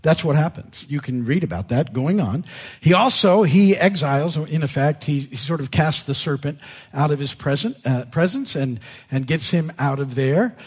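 Man, pastor, husky, slightly high voice, casual emphatic sermon. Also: lively intonation, normal speed. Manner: emphatic, informal, frequent restarts. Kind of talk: conversational sermon teaching.

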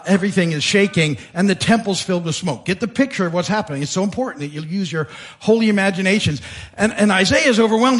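Animated, high-voiced male preacher. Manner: animated storytelling, acting out voices with sudden pitch jumps; frequent fillers and repeated starts. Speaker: pastor. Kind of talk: sermon.

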